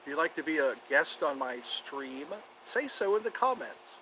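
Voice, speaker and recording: A man's voice: a little high, big pitch swings, moderate pace, sharp tone, a little hiss or hum, poor audio. A man hosting a casual solo livestream from outdoors near his home, rambling and repeating himself as he thinks aloud. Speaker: livestream host.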